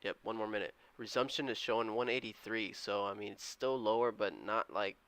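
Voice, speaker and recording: Quiet-voiced man streaming his trades. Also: on the low side, steady tone, brisk, smooth. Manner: chatty, reads out viewer comments and counts aloud; talking kind of quiet. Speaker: day trader live-streaming. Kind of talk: casual live-stream chat. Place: indoors at home.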